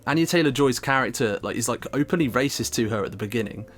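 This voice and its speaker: A man's voice: medium pitch, expressive, fast talker, a bit bright. A man co-hosting a podcast, giving blunt, wry film criticism in casual chat. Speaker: podcast co-host.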